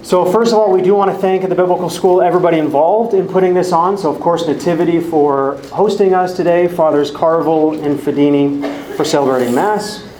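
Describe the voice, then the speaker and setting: A man's voice: a little high, fairly quick, hardly any pauses, mellow, a little hiss or hum. A man who teaches a Bible study, giving friendly, organized announcements to a live group in a church hall. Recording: echoey church hall, faint ambience.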